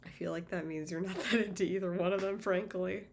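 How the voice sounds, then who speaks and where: A woman's voice: on the low side, fairly even intonation, a little fast, slight background noise. A woman hosting a reaction video, giving frank, wry commentary on a dating show. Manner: wry and frank, with small laughs. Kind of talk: candid reality-show commentary.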